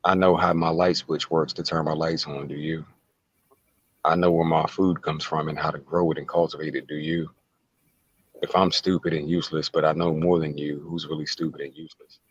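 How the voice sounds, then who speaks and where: A man's voice: rumbling low, level tone, a little fast, breathy edge, dry recording, muffled recording. A man talking as an interview guest, emphatic and casual, repeating words and firing rhetorical questions. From United States.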